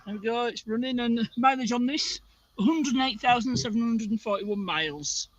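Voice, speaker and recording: A man's voice: extremely high pitch, moderate pace, muffled recording. A man outdoors on a phone video call, talking matter-of-factly through car repairs. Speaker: livestream guest. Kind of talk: casual chat. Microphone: phone camera on a video call.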